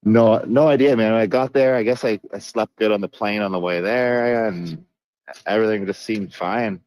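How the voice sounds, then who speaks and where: A man's voice: lowish voice, moderate pace, darkish tone, no echo, poor audio. A man chatting casually as a guest, rambling in a laid-back way with loose swearing. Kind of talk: casual chat.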